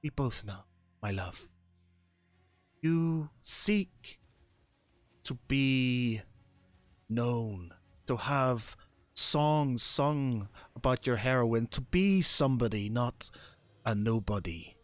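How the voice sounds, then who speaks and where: A man voicing a seductive female patron spirit who whispers softly to a character. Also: mid-range voice, expressive, very slow, pauses often, no echo, soft background music. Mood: coaxing. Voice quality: soft, breathy whisper.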